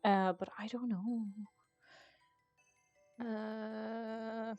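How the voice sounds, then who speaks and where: A woman's voice: mid-range voice, normal speed, a little mellow, no room sound, soft background music. Chatty, giggly woman streamer. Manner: chatty, giggly, self-mocking. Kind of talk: casual gameplay commentary.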